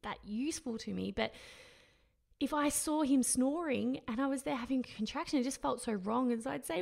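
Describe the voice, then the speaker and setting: Aussie woman in her 30s telling her own story, honest, lots of little laughs and um like, bit of vocal fry. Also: high-pitched, moderate pace. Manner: candid, laughs often, rambling with fillers. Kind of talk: candid personal storytelling.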